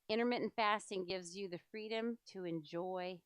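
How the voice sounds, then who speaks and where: A woman's voice: on the low side, moderate pace, few pauses, clean tone, no echo. A middle-aged woman presenting a church health seminar, chatty and enthusiastic, with many fillers. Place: church hall.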